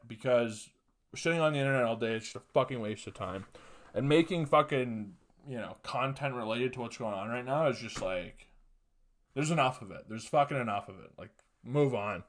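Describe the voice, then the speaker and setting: A man hosts his podcast alone, in loose, unscripted talk. He curses constantly and swings from offhand mumbling into loud, punchy ranting. His voice sits in an ordinary middle pitch for a man. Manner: profane, ranting, with loud emphatic bursts. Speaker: podcast host. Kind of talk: casual solo podcast monologue.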